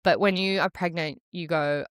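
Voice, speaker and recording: A woman's voice: lowish voice, steady tone, normal speed, clear, resonant tone, dry recording, studio quality. An Australian woman co-hosting a podcast, chatting casually and laughing often, with plenty of "like". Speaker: podcast co-host. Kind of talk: casual chat.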